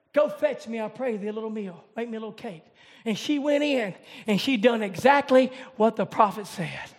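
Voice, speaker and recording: A man preaching a revival sermon in church, shouting in a chanting, rising cadence. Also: extremely high pitch, animated, moderate pace.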